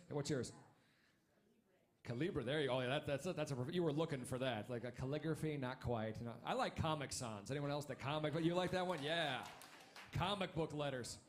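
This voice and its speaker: A man in his thirties doing a stand-up comedy set on a club stage, wry and punchy, with quick asides to the crowd. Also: a little high.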